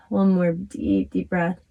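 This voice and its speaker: Slow easygoing lady leading stretches, soft encouraging cues, recorded close up in a tiny closet. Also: lowish voice, creaky, phone-quality sound. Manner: calm, encouraging cues with fillers. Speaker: fitness instructor. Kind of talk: guided stretching class. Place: small closet indoors. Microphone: close to camera.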